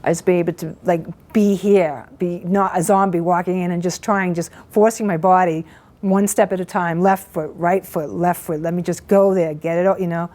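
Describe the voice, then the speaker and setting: A woman's voice: on the low side, steady tone, warm tone. Shaky, earnest woman giving testimony. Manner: halting, earnest, full of restarts. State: shaky with emotion. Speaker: event participant giving a testimonial. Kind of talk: emotional personal testimony.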